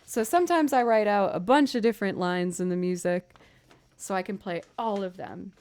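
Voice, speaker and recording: A woman musician chatting casually with viewers on a livestream, bubbly and quick to thank them. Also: mid-range voice, darkish tone. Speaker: musician streamer.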